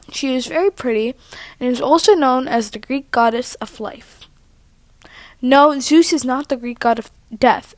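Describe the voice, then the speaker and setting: A woman's voice: sits high, darkish tone, dry recording. A woman telling a story in a chatty, rambling vlog, interrupting herself often, recorded on her own mic at home. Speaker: vlogger. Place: living room at home. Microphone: own microphone.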